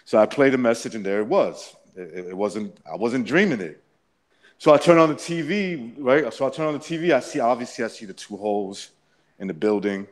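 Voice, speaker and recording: A man's voice: medium pitch, lively intonation, fairly quick. A man casually recounting a personal story, rambling with many restarts and frequent swearing. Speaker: interviewee.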